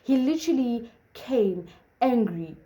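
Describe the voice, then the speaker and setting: In a voice on the high side, expressive and dark-toned at a measured pace, a twenty-something woman vlogger recounts a personal story casually. She fills her talk with fillers and chatter and acts out what people said.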